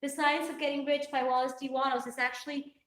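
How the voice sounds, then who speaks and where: Tearful high-voiced woman in echoey room. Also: flat delivery, fast talker, a bit bright, recorded from a distance. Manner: heartfelt, rambling, earnest. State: tearful, crying. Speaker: fitness vlogger hosting a livestream. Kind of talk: emotional live-stream talk to viewers.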